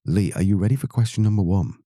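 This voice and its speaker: A man hosts a podcast in a chatty, upbeat way and reads out listener questions. His voice sits fairly low and sounds warm and mellow. The recording is dry and close. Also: fast talker, no echo. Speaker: podcast host. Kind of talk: casual podcast chat.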